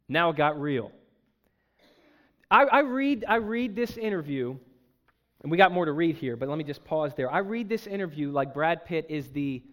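A pastor delivering a sermon to his congregation, emphatic and animated, with joking asides. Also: high voice. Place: church.

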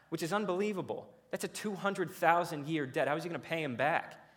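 Higher-voiced man preaching conversationally. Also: brisk. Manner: conversational, lively storytelling with frequent restarts. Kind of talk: sermon.

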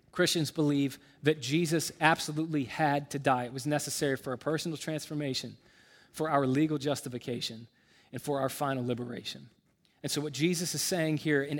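An earnest male pastor delivers a sermon in a church, his voice sitting a little higher than most men's. He talks casually with restarts and fillers, then climbs louder and higher to press his key points home. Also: steady tone, normal speed. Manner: earnest, builds to raised intensity on key points.

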